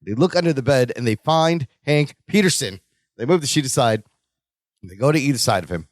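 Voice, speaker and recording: A man's voice: mid-range voice, animated, a little fast, no echo, clean studio sound. A man co-hosting a casual podcast, recapping a sitcom scene, laughing often and acting out lines. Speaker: podcast co-host.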